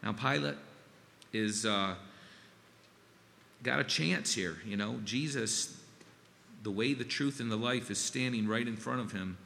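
A middle-aged man preaching a sermon, earnest and halting, with many fillers and restarts. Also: mid-range voice, vocal fry, pushed and bright. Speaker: pastor. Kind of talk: sermon with scripture reading. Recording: long reverb, faint ambient noise.

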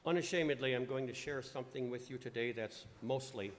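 A man's voice: medium pitch, a little fast. A man leading a church service, talking in loose, self-interrupting asides and reading scripture aloud. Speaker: preacher. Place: church sanctuary. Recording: echoey church hall.

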